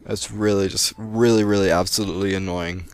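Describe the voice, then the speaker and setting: A man's voice: sits low, fairly even intonation, fairly quick, no echo. A young American man giving rambling, chatty gameplay commentary and laughing often. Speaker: let's play gamer. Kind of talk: post-recorded gameplay commentary.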